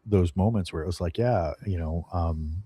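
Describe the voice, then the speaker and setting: Rambling middle-aged man, dog-handler guest, low voice, dry close mic. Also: normal speed, husky, dry recording. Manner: rambling, animated storyteller with many fillers and restarts. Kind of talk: casual podcast storytelling.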